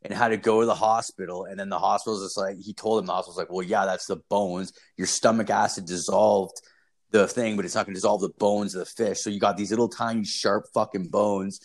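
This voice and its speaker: A man in his thirties with a lowish voice, chatting on his podcast in a loose, rambling way. He swears in nearly every sentence and tells stories about his own life. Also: fairly even intonation, a little fast. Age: 30s. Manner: profane, rambling storyteller, swears constantly. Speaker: podcast host. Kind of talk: casual podcast chat.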